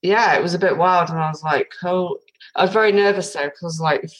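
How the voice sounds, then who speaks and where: Woman from Britain, forties, rambling storyteller, slightly low voice, casual interview guest. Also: brisk, low-quality recording. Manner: chatty storytelling with many fillers. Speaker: guest, tarot reader.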